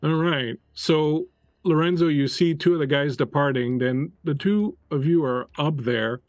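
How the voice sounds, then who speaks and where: A man's voice: on the high side, a little slow, a little mellow, no echo, studio quality. A man whose first language is French, running a tabletop game in a loose, chatty way with many fillers. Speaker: game master.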